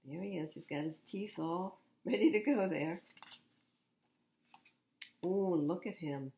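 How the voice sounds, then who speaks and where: A woman's voice: fairly low pitch, slow pace, mellow. A woman reading picture books aloud to children at storytime, expressively and with asides to the listeners. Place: public library.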